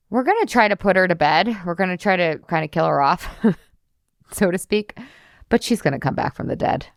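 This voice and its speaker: A woman's voice: lowish voice, clear, resonant tone, dry recording, clean studio sound. A woman in her thirties hosting a solo podcast as a weight loss coach, chatty, peppering her speech with "like" and casual swearing.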